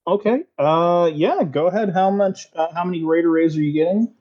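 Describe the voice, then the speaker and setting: A man narrating a tabletop game as game master, easygoing and filling pauses with "uh". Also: high-pitched. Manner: easygoing, many fillers. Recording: dull lo-fi sound.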